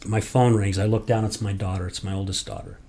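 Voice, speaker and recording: A man's voice: fairly low pitch, fairly even intonation, fast talker, warm tone. A man from Utah hosting a podcast, telling a personal story in a blunt, profane and emotional way. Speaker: podcast host.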